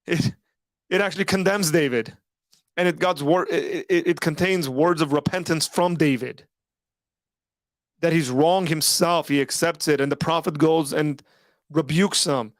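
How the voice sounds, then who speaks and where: A man's voice: a little high, a little slow, no echo, studio quality. A man hosting a live call-in stream, talking casually with lots of "like" and "right?", his voice worn from hours of talking. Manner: rambling, filler-heavy, frequent "like" and "right?". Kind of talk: casual livestream talk.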